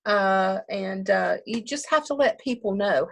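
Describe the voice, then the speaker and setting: A woman's voice: medium pitch, animated, normal speed, few pauses, a bit bright. A woman funeral director talking casually in an interview, chatty, often laughing and acting out what people say.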